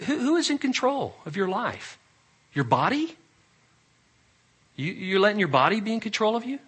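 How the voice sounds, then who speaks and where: A male pastor preaching a sermon, swinging from loud emphatic rises to quiet, low asides. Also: sing-song, normal speed, long pauses, slightly rough.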